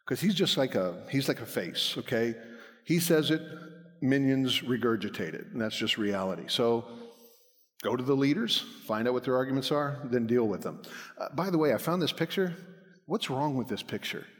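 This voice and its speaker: A man's voice: medium pitch, animated, normal speed. A man giving a folksy, self-deprecating church talk as a guest speaker on apologetics. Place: church hall. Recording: long hall reverb.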